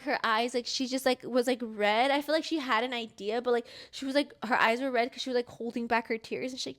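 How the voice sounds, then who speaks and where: A woman's voice: fairly high pitch, steady tone, fast talker, few pauses, a bit bright. A young woman co-hosting a podcast, telling a personal story casually and full of "like", acting out the dialogue. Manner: rambling, heavy use of "like", acts out quoted dialogue. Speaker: podcast co-host.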